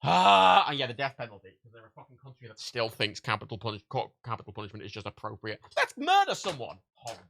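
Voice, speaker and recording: A man's voice: fairly low pitch, steady tone, racing, hardly any pauses, pushed and bright, no echo. A man chatting casually on a livestream while packing orders, ranting with heavy swearing and frequent laughter. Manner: profane, ranting, laughs often.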